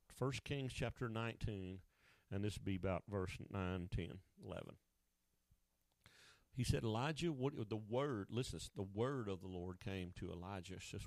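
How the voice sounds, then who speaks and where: Gravelly-voiced male preacher, dry sound. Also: on the low side, normal speed, no room sound. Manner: dynamic preaching with swings from loud emphasis to hushed asides. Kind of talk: sermon.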